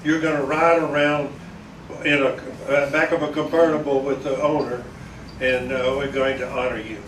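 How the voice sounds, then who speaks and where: A man's voice: mid-range voice, flat delivery, moderate pace, a bit bright, slight background noise. An older man, a veteran broadcaster telling rambling, chuckling stories to an audience at an event. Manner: chuckling, folksy, meandering with restarts. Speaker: veteran broadcaster giving a speech. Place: large echoey event hall. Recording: echoey hall from far off.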